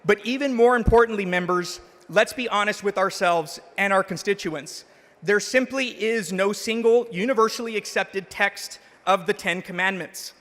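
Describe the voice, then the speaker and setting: Man, state legislator, earnest floor speech, high voice, long chamber reverb. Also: a bit bright. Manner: earnest, measured argument with small restarts. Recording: long reverb of a large hall.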